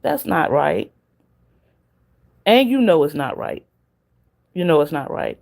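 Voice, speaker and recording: Speaking slowly in a low, gravelly, slightly mellow voice with big pitch swings, a Southern US woman hosts a casual livestream. She addresses viewers in the chat directly and laughs a lot.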